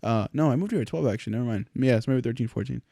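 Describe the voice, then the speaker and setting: A man's voice: mid-range voice, very fast, creaky, mellow, no room sound, clean studio sound. A young man co-hosting a podcast who chats in a laid-back way, laughing along and swearing casually. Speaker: podcast co-host. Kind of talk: casual chat.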